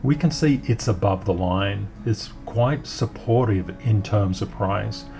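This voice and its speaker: A man's voice: on the low side, measured pace, creaky, darkish tone, soft background music. A man hosting an upbeat market chart commentary, talking in an encouraging way and cheering the charts on. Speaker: crypto market analyst host.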